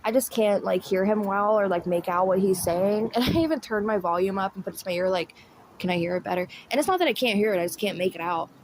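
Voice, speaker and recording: A woman's voice: medium pitch, quick pace, few pauses, a little hiss or hum. A woman chatting casually and laughing often as she comments on a clip. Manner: chatty, giggly, slangy. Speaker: commentary YouTuber.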